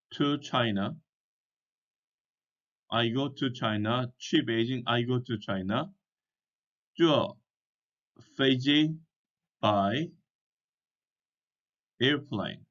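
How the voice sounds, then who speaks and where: A man teaching in a slow, deliberate way, spelling words out letter by letter and speaking. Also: mid-range voice, a bit bright. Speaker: English teacher. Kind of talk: slow explanatory language lesson. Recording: dull lo-fi recording.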